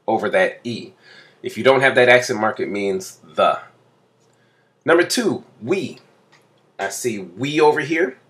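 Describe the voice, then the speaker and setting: A male teacher giving a slow, patient, step-by-step explanation in a classroom lesson. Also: fairly low pitch, fairly bright tone. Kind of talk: classroom instruction.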